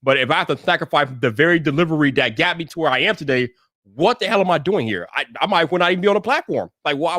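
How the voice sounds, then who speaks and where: A man hosting his own livestream, talking to viewers in an animated, emphatic way and repeating words when he gets worked up. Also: a little high, fast, no echo, studio quality. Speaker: livestream host. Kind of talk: livestream rant.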